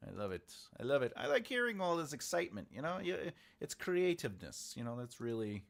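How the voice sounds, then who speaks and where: A man chats casually with viewers while outlining a story, muttering notes to himself between jokes. His pitch moves a lot, rising and dropping from one phrase to the next. Keyboard clicks sit behind his voice. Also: sing-song, brisk, vocal fry, hardly any pauses. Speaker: author livestreaming his writing process.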